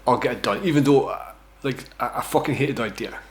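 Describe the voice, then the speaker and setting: A medium-pitched man talks fast as he tells a personal story in a casual vlog. He's Scottish, in his thirties, and his rambling, sweary, self-mocking account is full of "right?"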